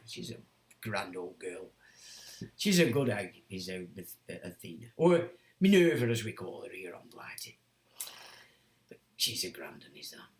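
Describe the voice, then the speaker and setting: A man's voice: mid-range voice, reverberant. A man hosting a livestream, reading chat comments and ranting in a blunt, sweary, sardonic way. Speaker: livestream host.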